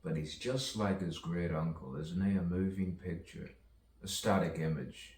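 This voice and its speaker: A man's voice: sits low, normal speed, darkish tone, a little hiss or hum. A man improvising a rambling, rhyming stream-of-consciousness monologue with chuckles between lines, recorded from a distance. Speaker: poet. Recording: roomy echo, distant mic, faint ambience.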